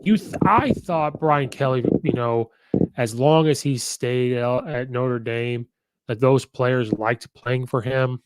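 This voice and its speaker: A man's voice: mid-range voice, slow, clean tone, dry recording, poor audio. A man hosting casual football commentary, chatty and opinionated, acting out quotes as he goes.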